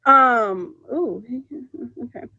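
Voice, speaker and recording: A woman on a podcast, telling a story in an animated, emphatic way and laughing as she goes. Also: fairly high pitch, very slow, creaky. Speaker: podcast co-host. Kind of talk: casual storytelling chat. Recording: dull, slightly muffled podcast audio.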